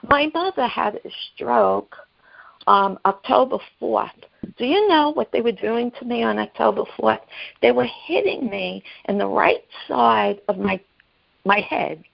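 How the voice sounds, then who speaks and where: Gravelly woman telling a personal story. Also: fairly high pitch, muffled recording. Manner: halting, repeats herself, acts out quoted voices. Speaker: guest sharing her story. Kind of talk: emotional personal testimony on a podcast.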